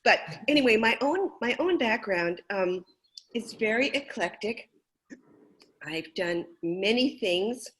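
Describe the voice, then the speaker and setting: A woman author joining an interview by video call, informal and excited, laughing easily. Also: a little high, slow, slight background noise. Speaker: author guest.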